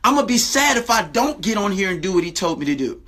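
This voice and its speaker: A man with a high, bright voice preaches a Bible lesson straight to his viewers. He talks emphatically and keeps repeating his phrases. He slows down to stress each scripture line and keeps checking in with "right?". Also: sing-song. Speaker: preacher and video host.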